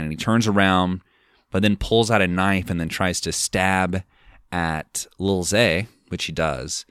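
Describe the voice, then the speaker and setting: A man's voice: deep voice, fairly even intonation, normal speed, a bit bright, smooth, dry recording, clean studio sound. A man hosting a film podcast, recounting a movie plot in a rambling, casual way full of fillers. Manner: rambling, filler-heavy retelling. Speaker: podcast host.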